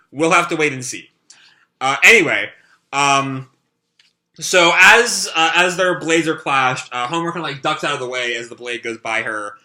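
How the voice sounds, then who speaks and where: A man reads a comic aloud and comments on it as he goes. He is loose and chatty and fills his lines with pauses. The voice is bright, a little high and very animated. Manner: loose and chatty, with many fillers. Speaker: reaction video host. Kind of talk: casual live reading and commentary.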